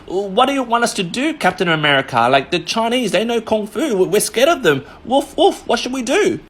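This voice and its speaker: Dude doing a scared whiny lapdog govt voice, way up high, begging. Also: male voice, big pitch swings, moderate pace, fairly bright tone, full character voice. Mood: whimpering. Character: timid fawning government, whimpering like a dog.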